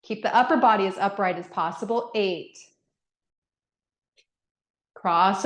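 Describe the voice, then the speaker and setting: A woman's voice: mid-range voice, measured pace, long pauses. A middle-aged woman leading a guided workout class, counting reps and giving step-by-step movement cues. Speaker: fitness instructor. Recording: echoey room.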